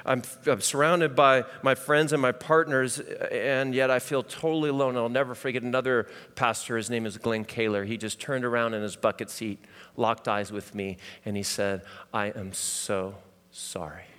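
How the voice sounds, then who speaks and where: A middle-aged male pastor preaching a sermon, telling personal stories that swing from loud to hushed. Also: medium pitch, fairly even intonation, moderate pace, clear, resonant tone. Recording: hall reverb.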